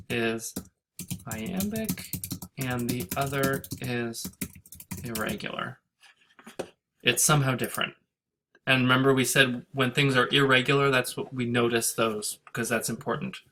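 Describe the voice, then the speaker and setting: A male teacher lectures in an unhurried, measured way. His voice is bright and forward. He thinks aloud, pausing and correcting himself mid-word, with keyboard typing behind him. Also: medium pitch. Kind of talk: screen-recorded lecture.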